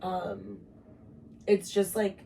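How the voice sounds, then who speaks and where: A young woman co-hosts a podcast in a relaxed, frank chat, peppering her talk with fillers and the odd curse. Her voice is mellow and dark-toned. She sits a little back from the mic in a bedroom. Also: medium pitch, extremely slow, recorded from a distance, a little hiss or hum. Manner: frank, uses swearing and filler words. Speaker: podcast co-host. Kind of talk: casual chat. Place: bedroom with tripod. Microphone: camera on tripod.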